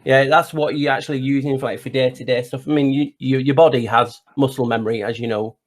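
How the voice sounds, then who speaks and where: A man's voice: medium pitch, steady tone, quick pace. A man from near Liverpool with an English accent, a guest explaining ideas in an easygoing, casual chat. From England, near Liverpool.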